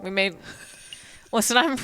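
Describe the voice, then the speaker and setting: A woman chatting casually while playing a game on stream, excitable and chatty. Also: mid-range voice, takes it slowly, clean tone, soft background music. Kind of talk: casual let's-play chat.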